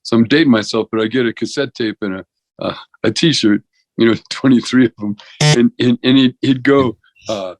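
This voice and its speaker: A man's voice: medium pitch, moderate pace, dry recording, rough recording. A man in his sixties, a veterinarian and comedian, telling rambling stories as a podcast guest, with lots of restarts and "you know". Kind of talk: rambling conversational storytelling.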